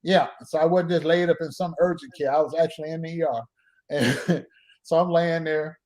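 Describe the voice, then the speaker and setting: A man's voice: on the high side, steady tone, normal speed, a little mellow. A man hosting a live stream, rambling through a self-mocking story and acting out the dialogue. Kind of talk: casual storytelling. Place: home.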